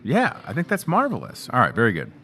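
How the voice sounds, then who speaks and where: A man's voice: medium pitch, huge pitch swings, fast, pushed and bright. A man in his thirties hosting a local morning show, chatting casually and joking with the crew while showing products. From Chicago area. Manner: chatty, upbeat and joking, talking to the camera and crew. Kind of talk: casual live show chat promoting store products.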